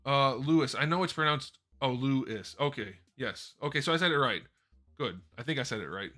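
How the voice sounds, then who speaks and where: As host of a casual live Q&A, a man answers viewers through a desk microphone, rambling and revising what he says. He speaks a little fast at medium pitch, bright and forceful, over faint background music.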